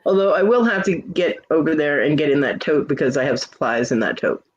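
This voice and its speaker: A man chats on a casual livestream, trading stories in a candid, swear-friendly way. His voice is on the higher side for a man. The audio is dull and lo-fi, like a home stream. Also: a little fast. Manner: candid, swears freely, acts out quoted lines. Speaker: livestream host. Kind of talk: casual chat and storytelling.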